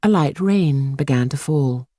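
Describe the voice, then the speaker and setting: A woman reading a children's story aloud in a hushed, suspenseful manner. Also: low-pitched, lively intonation, a little slow, no room sound, clean studio sound. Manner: hushed and suspenseful, lingering on words. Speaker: audiobook narrator. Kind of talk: scripted storybook narration.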